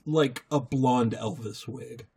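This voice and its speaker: Dry-witted man with a husky, mellow voice. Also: mid-range voice, slow. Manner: dry, wry asides and commentary. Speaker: podcast co-host. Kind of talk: casual chat, recapping a cartoon episode.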